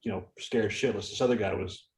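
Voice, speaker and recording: A man's voice: on the low side, fairly quick, a loud crowd. A man co-hosting a casual podcast, telling stories in a joking way. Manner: joking storyteller. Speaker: podcast co-host. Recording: roomy echo.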